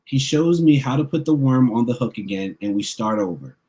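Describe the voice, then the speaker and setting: A man's voice: mid-range voice, fairly quick. Man reading a picture book aloud. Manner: expressive first-person narration. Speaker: children's book author.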